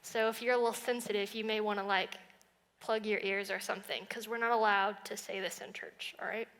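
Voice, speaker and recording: Bright-voiced young woman preaching in a hall. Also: mid-range voice, little pitch movement, fairly quick. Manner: conversational, chatty preaching. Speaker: college minister. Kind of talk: sermon. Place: church sanctuary. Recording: long reverb of a church hall.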